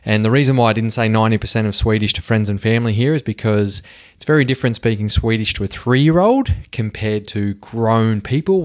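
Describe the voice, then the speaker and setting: Laid-back Australian man hosting a podcast. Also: lowish voice. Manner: laid-back, laughs often, uses slang. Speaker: podcast host. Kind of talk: casual podcast intro monologue.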